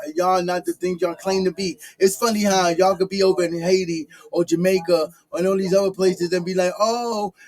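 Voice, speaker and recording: A man giving heated, scolding commentary full of rapid-fire rhetorical questions. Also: high-pitched, darkish tone.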